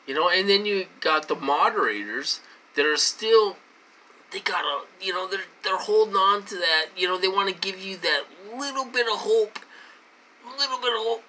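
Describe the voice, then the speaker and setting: Agitated vlogger ranting, very bright voice. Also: moderate pace, slight background noise. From United States. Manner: agitated, repetitive, swears, pitch swings high when indignant. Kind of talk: ranting to camera.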